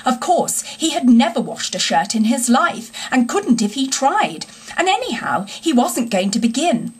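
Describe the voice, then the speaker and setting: A woman narrating a classic children's story in a fairly high, husky voice. She reads in an expressive, unhurried way. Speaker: audiobook reader.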